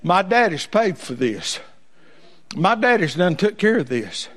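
Preacher guy, high voice, folksy sermon, gets loud and fired up. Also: sing-song, measured pace. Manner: folksy southern preaching cadence, rising to impassioned shouts.

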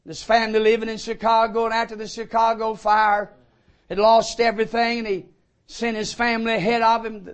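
A man preaching a sermon with fervent delivery, breaking into shouts of praise. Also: high-pitched.

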